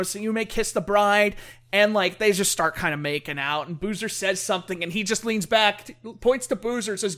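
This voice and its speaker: High-voiced, excitable man chatting casually. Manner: excitable, full of "like" fillers. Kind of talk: casual chat.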